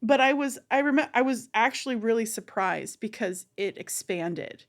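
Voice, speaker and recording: A woman co-hosting a podcast, telling a long story in casual chat, animated and rambling with many fillers. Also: on the high side, normal speed. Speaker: podcast co-host.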